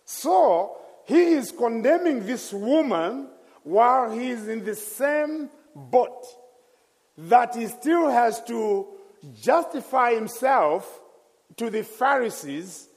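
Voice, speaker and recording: Male preacher, high voice, slow and emphatic delivery, reverberant church hall. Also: animated. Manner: passionate storytelling, slow and emphatic. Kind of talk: sermon.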